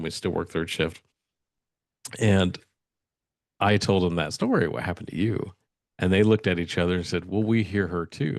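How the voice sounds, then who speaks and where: A man's voice: deep voice, creaky, no room sound, clean studio sound. A man co-hosting a podcast, telling a spooky story in casual chat and acting out the dialogue with animation. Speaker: podcast co-host.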